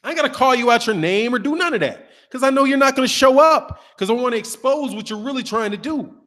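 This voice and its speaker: A middle-aged man hosting a boxing channel, talking in a casual, animated, profane monologue. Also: extremely high pitch, quick pace. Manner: animated, profane, acts out voices of others.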